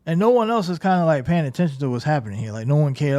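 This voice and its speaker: A man's voice: on the high side, sing-song, racing, warm tone. Chatty critical male commentator. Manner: conversational, full of "like" and "right?", keeps pointing things out; critical, incredulous. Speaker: commentator reacting to game footage. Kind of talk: casual video commentary.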